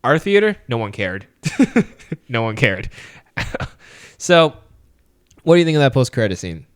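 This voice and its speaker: Man, podcast co-host, casual movie chat, animated retelling, acts out lines, laughs a lot, middle pitch. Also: unhurried, clean tone.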